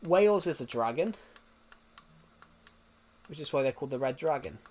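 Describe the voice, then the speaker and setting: A man's voice: fairly high pitch, lively intonation, normal speed, a little mellow, slight background noise. A young British man streaming live, chatting casually with viewers in a rambling way, full of restarts and fillers. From United Kingdom.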